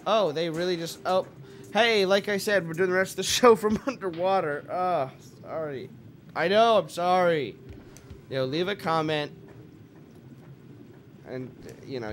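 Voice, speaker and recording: A man's voice: high-pitched, a little slow, long pauses, slight background noise. A young man hosting a let's play, commentating with jokes, swearing and sudden yelps at the game. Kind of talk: gameplay commentary.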